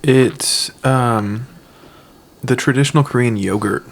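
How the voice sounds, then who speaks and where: A man's voice: medium pitch, slow pace, creaky. A young man co-hosting a casual podcast, laid-back and reflective as he chats over drinks. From United States. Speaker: podcast co-host.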